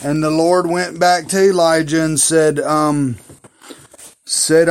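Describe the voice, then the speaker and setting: A man's voice: a little high, little pitch movement, slow. A man casually retelling Bible stories in a rambling, folksy, slangy way. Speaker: Bible storyteller.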